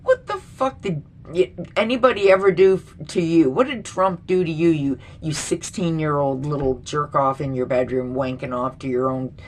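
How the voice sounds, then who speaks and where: A woman's voice: low-pitched, normal speed, slight background noise. A middle-aged woman vlogger ranting bluntly and with lots of swearing in a casual commentary. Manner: blunt, profane, indignant.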